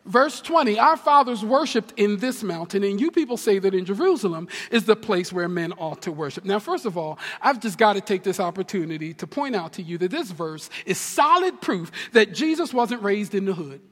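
A man from New Jersey preaches in a very high register, his voice ringing through the long reverb of a large hall. He swings from near-shouts to hushed tones and drops in humorous asides. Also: normal speed, hardly any pauses. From New Jersey, USA. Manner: animated preaching with big swings between loud and hushed. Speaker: pastor. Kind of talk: sermon.

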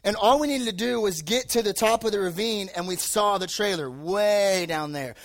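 A young male preacher with a notably high voice speaks to a live crowd. He tells a loose, joking story and leans heavily on filler words as he rambles toward his point. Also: moderate pace. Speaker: youth preacher. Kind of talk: casual sermon with personal story. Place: live talk before an audience.

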